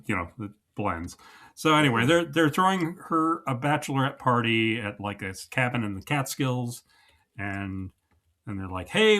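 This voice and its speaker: A man's voice: medium pitch, fairly bright tone. A man co-hosting a podcast, recapping sketches in a laid-back, wry casual chat. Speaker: podcast co-host.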